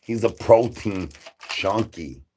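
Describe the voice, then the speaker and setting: A man's voice: lowish voice, expressive, slow, a little mellow, a little hiss or hum. A man delivering absurd comedy, rambling through nonsense with rhyming wordplay and stutters. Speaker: comedy channel creator.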